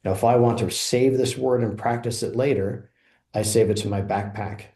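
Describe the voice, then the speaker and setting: A man walking through a software demo, explaining each feature in a relaxed, explanatory way. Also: medium pitch, normal speed. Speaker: software presenter. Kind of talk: product demo walkthrough. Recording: roomy echo.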